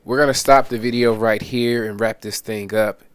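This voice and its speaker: A man's voice: on the low side, steady tone, normal speed, clear, resonant tone, no echo. Male commentary host, wry, laughing at his points, dry close sound. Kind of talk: reaction commentary.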